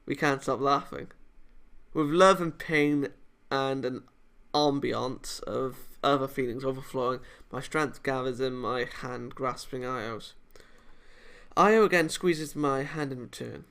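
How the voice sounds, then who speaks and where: A man reads the narration of a visual novel for his channel, now and then breaking into excited asides. His voice is bright and forward, with a smooth, crisp clarity. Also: medium pitch, measured pace. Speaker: gaming channel host. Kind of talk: reading a visual novel aloud.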